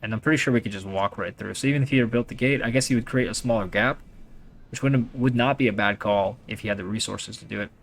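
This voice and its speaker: A man's voice: lowish voice, fast talker, slight background noise. A young man giving casual, rambling commentary over his own strategy gameplay, chatty and full of fillers and restarts.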